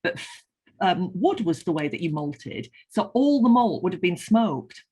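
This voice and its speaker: Lively husky Northern English woman. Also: lowish voice, unhurried. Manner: lively, enthusiastic explaining. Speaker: beer writer guest. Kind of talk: casual chat.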